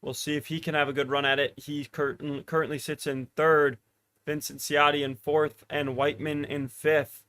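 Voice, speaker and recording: A young man commentating a track race live for a watch-party stream, getting excited as the race builds and chatting to viewers. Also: fairly high pitch, moderate pace. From United States. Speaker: podcast host commentating a race.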